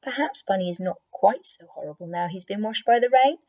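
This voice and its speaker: A woman voicing a busy, practical mother in a storybook, brisk and motherly. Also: medium pitch, darkish tone, close to an everyday voice.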